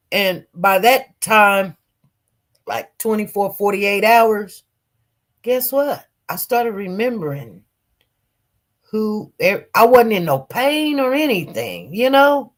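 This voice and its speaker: A woman's voice: mid-range voice, lively intonation, takes it slowly. A woman telling personal stories to her viewers in a casual, rambling way, with many fillers and repeated words.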